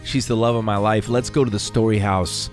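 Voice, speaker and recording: Upbeat lower-voiced podcast host. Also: male voice, steady tone, fairly quick, music in the background. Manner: upbeat, enthusiastic. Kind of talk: casual chat and read ad.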